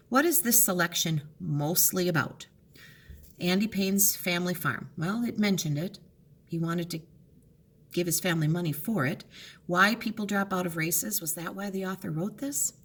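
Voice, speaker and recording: A woman teaching a recorded lesson, going over test answers in an encouraging, explanatory way and drawing words out slowly to split them into syllables. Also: lowish voice, fairly bright tone, a little hiss or hum. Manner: slow, drawn-out enunciation of words to split into syllables.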